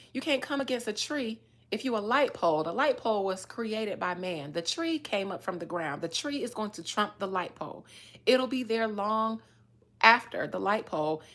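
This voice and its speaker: A woman psychic talking casually on a livestream, profane and animated, breaking into laughter often. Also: on the high side.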